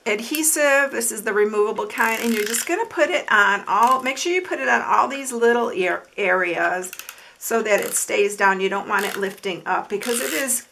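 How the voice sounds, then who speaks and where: A woman's voice: a little high, moderate pace, gravelly, pushed and bright, a little hiss or hum. A middle-aged woman, demonstrating card making in a chatty, gushing tutorial. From Texas. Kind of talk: casual craft tutorial.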